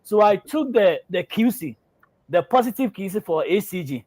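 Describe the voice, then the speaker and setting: A male host with a somewhat high voice tells a story in an animated way, stumbling over restarts and fillers. The sound is dry and close, with no room around it. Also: normal speed, no room sound. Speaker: health show host and lab worker. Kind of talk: casual storytelling and reading out health info.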